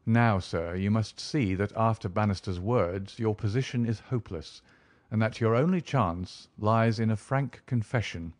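A man voicing a calm, shrewd male detective who talks in a suave, measured, deliberate way. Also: fairly low pitch, no echo, lightly acted. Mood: explaining. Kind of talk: audiobook character reading.

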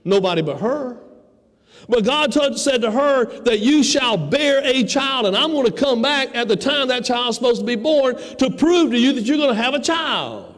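A man's voice: very high-pitched, moderate pace. A man preaching a sermon, acting out the voices in the story he tells. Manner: emphatic preaching, acts out quoted voices. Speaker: pastor. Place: church sanctuary. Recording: church hall reverb.

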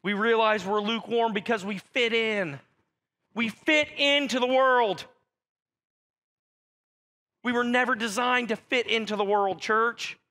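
A man's voice: very high voice, a little slow, pauses often, sharp tone. A pastor delivering a conversational sermon, speaking directly to his congregation. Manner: direct, conversational preaching addressing the church.

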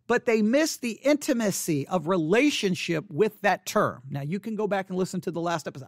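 A man's voice: sits high, a bit bright, dry recording, clean studio sound. A man teaching a casual Bible word study, thinking aloud and repeating words as he reads verses and notes.

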